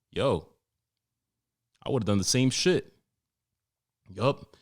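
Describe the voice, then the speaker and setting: New guy cursing thru a podcast rant, kinda low voice, does little bits of his customers. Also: very slow, long pauses. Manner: profane, animated storytelling with mimicked customers. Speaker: podcast host and barber. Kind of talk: casual solo podcast rant.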